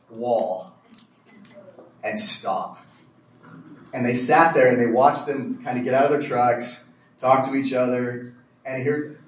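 A man telling a story to an audience in an animated way, acting out quotes and chuckling as he speaks. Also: mid-range voice, slight background noise. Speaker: speaker at a homeschool community event. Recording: roomy, distant mic, faint ambience.

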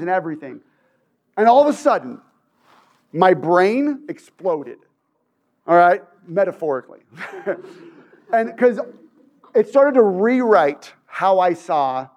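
Male storyteller with a high voice. Animated and conversational, keeps asking "right?". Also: slow pace, pauses often, muffled recording. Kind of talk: personal storytelling.

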